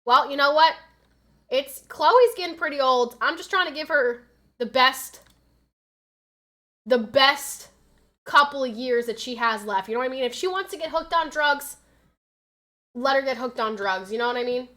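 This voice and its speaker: Bright-voiced chatty American woman streamer. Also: high-pitched, moderate pace, pauses often. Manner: chatty, reads chat aloud, gets loud and frantic in fights. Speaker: game streamer. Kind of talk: casual live-stream chat while gaming.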